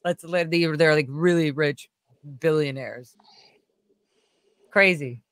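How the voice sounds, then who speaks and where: A woman hosting a livestream, chatting and telling stories in a rambling, animated way and acting out quotes. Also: deep voice, slow pace, no room sound. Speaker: livestream host. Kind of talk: casual storytelling chat.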